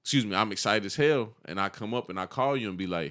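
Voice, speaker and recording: Animated slangy man on a podcast. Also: fairly low pitch, fast, hardly any pauses. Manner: animated, slangy storytelling with acted-out quotes. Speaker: podcast co-host. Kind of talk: casual podcast chat.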